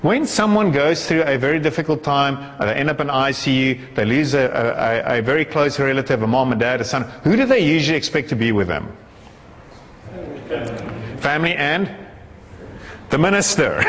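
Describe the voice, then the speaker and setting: A fairly high-voiced man preaches a sermon, firing off rhetorical questions and rising to fervent emphasis. His voice rings out with a long reverb, the sound of a large church hall. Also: very animated, moderate pace, a bit bright.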